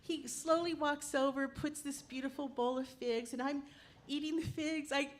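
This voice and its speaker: Animated woman telling a true story. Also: high voice, normal speed. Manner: animated, acts out the voices of family members. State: tearful while telling. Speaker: personal storyteller. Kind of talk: live personal storytelling.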